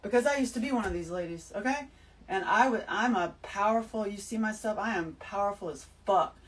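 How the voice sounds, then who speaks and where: Animated woman, off-mic. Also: mid-range voice, a little fast, far from the mic, rough recording. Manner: animated, emphatic, swearing, addresses listeners as y'all. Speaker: host. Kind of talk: spiritual monologue to camera.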